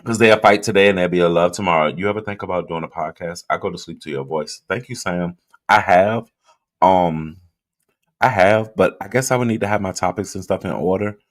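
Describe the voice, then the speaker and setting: A man's voice: low voice, fairly quick. A man hosting a casual livestream, reading viewer comments and talking loosely and directly to his audience while drinking. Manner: loose, chatty, talks straight to viewers. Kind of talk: casual live chat.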